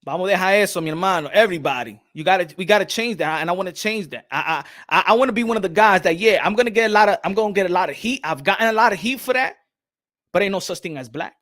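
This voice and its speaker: A man hosts a podcast in a casual, animated way, repeating words and acting out little exchanges. He slips into Spanish phrases now and then, and his voice sits a little on the high side. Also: very fast. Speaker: podcast host. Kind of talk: casual talk.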